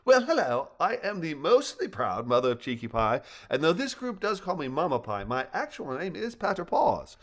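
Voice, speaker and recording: A man's voice: fairly high pitch, very animated, normal speed, hardly any pauses. A man voicing a genteel, fussy mother squirrel in a storybook reading. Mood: proud.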